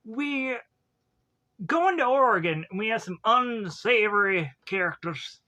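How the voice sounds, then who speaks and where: A man's voice: sits high, lively intonation, unhurried, sharp tone. A man from Georgia with a Southern US accent, reviewing a movie in a rambling, joking monologue full of asides. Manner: rambling, jokey asides and silly voices.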